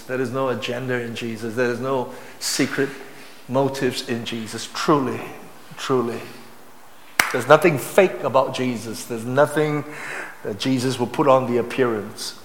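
A middle-aged man with a Malaysian English accent, preaching a sermon as pastor, stressing phrases by repeating them and moving between loud and hushed delivery. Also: mid-range voice, slight background noise. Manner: emphatic preaching, repeating key phrases and swinging from loud to soft. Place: large church hall. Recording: echoey church hall with long reverb.

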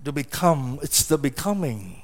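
A man's voice: a little high, very animated, moderate pace. A middle-aged man preaching a sermon, emphatic and questioning, often repeating words as he presses his point. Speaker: pastor.

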